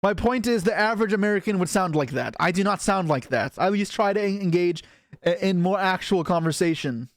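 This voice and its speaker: A young man from Canada talking loosely on his live stream, rambling and poking fun at himself as he answers chat. His voice sits a little high for a man, and the sound is close and dry with no room around it. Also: expressive, brisk, no room sound. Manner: rambling, self-deprecating, reading chat aloud.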